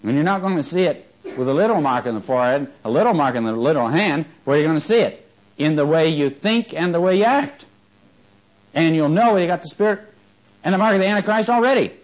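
A man preaching a sermon, asking his congregation questions and moving between fervent emphasis and quiet asides. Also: mid-range voice, highs cut off.

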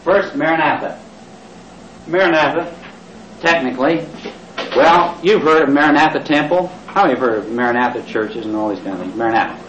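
A man's voice: on the high side, brisk, a bit bright, a little hiss or hum. A man preaching a sermon to a congregation, getting them to repeat words aloud and tossing in jokey asides. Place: church hall with congregation. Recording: echoey, distant, lo-fi cassette recording.

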